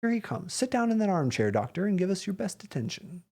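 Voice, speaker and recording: A man reading aloud, voicing a brisk, sharp-witted gentleman detective in a raised, eager tone. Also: sing-song, full character voice. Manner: quick, eager and commanding, pitched higher.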